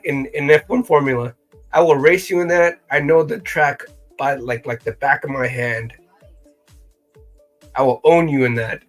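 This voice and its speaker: A man co-hosting a casual live-stream chat, animated and playful, often slipping into impressions. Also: fairly high pitch. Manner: animated, playful, jumps into voices. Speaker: co-host.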